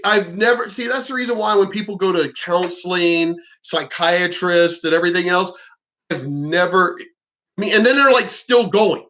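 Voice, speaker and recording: A man's voice: high voice, normal speed, sharp tone. A man ranting in unscripted commentary, blunt, profane and exasperated, rambling with frequent restarts. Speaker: vlogger.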